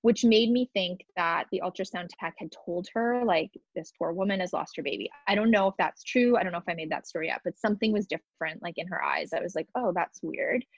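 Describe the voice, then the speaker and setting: Woman recounting a painful loss, halting. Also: lowish voice, no echo, muffled recording. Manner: emotional, halting, many fillers and restarts. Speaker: podcast guest. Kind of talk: personal storytelling.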